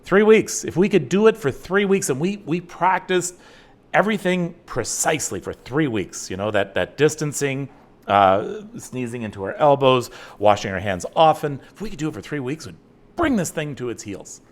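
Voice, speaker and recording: Middle-aged male host, chatty and self-deprecating, lively swooping delivery. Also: a little high, normal speed. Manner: animated, rambling, self-mocking, with frequent restarts. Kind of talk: casual livestream chat with viewers.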